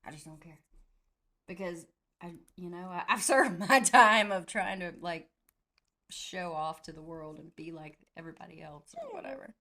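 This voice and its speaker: Lively, laughing woman podcast co-host. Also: fairly low pitch, normal speed. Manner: chatty, laughs often. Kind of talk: casual chat.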